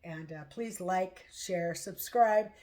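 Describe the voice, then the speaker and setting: A middle-aged woman chatting casually at home in a vlog, rambling and halting as she talks. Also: fairly low pitch, a little mellow. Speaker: vlogger. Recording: echoey room, far from mic.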